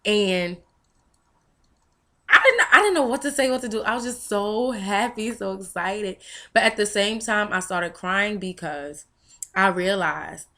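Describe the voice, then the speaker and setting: Speaking at a measured pace in a mid-range voice that sounds pushed and bright, a young woman shares a personal story in a testimony vlog. She is candid and emotional, using frequent fillers.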